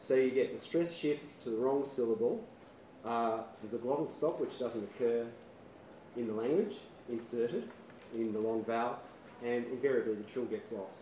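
A man giving an academic conference presentation, measured, with a dry sense of humour and the odd filler. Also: mid-range voice, mellow, slight background noise. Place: lecture hall. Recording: echoey hall, mic at a distance.

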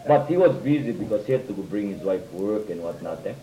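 A man with a Hawaiian Pidgin accent telling stories casually among friends, animated and full of fillers, acting out quoted speech. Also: on the low side, normal speed, a crowd in the background. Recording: roomy, dull lo-fi recording.

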